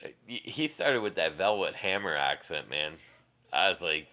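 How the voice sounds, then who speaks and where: A man chatting casually on his live stream and answering viewers in a rambling, crude way, with quick laughs and many restarts. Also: low-pitched, animated, bright, forceful tone.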